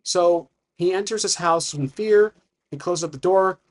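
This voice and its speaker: A man's voice: sits high, a little slow. A man narrating a solo tabletop campaign as game master, thinking aloud with frequent restarts.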